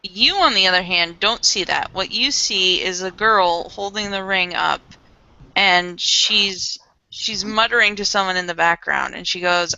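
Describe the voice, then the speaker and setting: A woman narrating a tabletop role-playing game as game master, describing scenes in a measured way, on a dull lo-fi recording. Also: medium pitch, creaky, sharp tone, clean tone.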